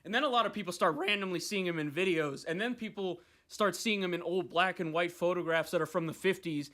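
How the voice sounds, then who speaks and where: A man's voice: sits high, fairly quick. A young man hosting a podcast, rambling and swearing in casual chat. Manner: rambling, profane, animated. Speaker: podcast host.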